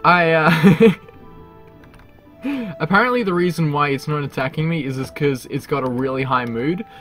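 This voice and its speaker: A man giving casual gameplay commentary, excitable, laughing often and talking to the animals in his game. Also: a little high, moderate pace, soft background music. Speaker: gaming channel host.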